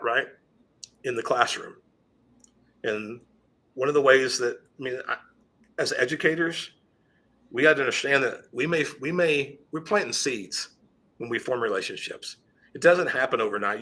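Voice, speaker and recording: A middle-aged man with a bright, forceful, slightly husky voice tells a classroom story on a podcast. He speaks in earnest, circling back and restarting his sentences as he goes. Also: fairly low pitch. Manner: earnest, with frequent restarts and trailing asides. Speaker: teacher and podcast guest. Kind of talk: conversational storytelling.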